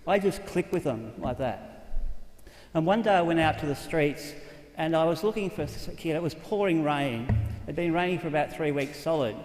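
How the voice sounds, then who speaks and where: An older Australian priest tells his story in an earnest, conversational manner, his voice sitting a little high. He speaks in a large hall, and the sound rings with a long, roomy reverb. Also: animated, normal speed, darkish tone. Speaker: Catholic priest. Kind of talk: storytelling talk.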